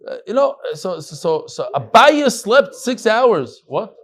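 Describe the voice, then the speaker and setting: A middle-aged man, a rabbi, giving an animated Talmud lecture, moving between quoted Aramaic and chatty English asides. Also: high voice, unhurried. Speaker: rabbi teaching a daily Talmud class.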